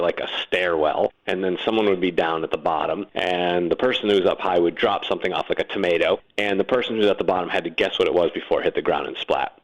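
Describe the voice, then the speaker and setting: A man being interviewed, casually telling lively behind-the-scenes stories and acting out the quotes. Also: deep voice, highs cut off. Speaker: guest, former kids' TV host and producer.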